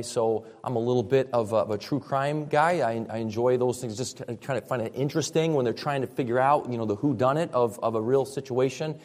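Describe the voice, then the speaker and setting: Conversational pastor in a reverberant hall. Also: male voice, medium pitch, darkish tone. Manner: conversational, with frequent restarts. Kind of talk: sermon.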